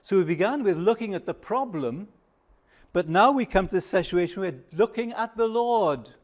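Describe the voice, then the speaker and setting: An older man preaching a sermon, measured and emphatic, dropping to a hush on reflective pauses. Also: high-pitched, animated.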